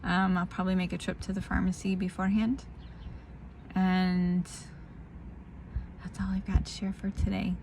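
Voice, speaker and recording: A woman's voice: fairly low pitch, monotone, normal speed, vocal fry, pauses often, darkish tone, a little hiss or hum. A tired woman talking candidly in a casual spoken diary, rambling and laughing through a hard family moment. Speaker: vlogger sharing a family update.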